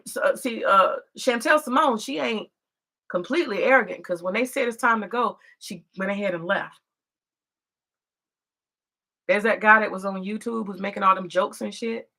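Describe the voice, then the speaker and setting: A woman's voice: medium pitch, normal speed, pauses often, pushed and bright. A woman from the United States giving profane, confrontational vlog commentary in a preachy manner.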